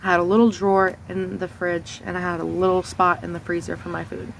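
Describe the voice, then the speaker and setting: A woman's voice: fairly low pitch, level tone, fairly quick, creaky, a little hiss or hum, rough recording. A young adult woman telling a personal story as a vlogger, candid and raw, swearing bluntly.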